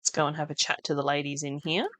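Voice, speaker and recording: A woman's voice: low voice, level tone, fast talker, a bit bright, no room sound. A woman hosting a farming game let's play, with chatty, wry asides and laughing at herself. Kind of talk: casual gameplay commentary.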